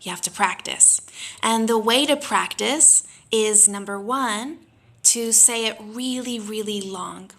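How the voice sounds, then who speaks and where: A woman teaching pronunciation, patiently modelling drawn-out vowel sounds for learners to repeat. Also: medium pitch, a bit bright. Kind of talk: slow instructional lesson.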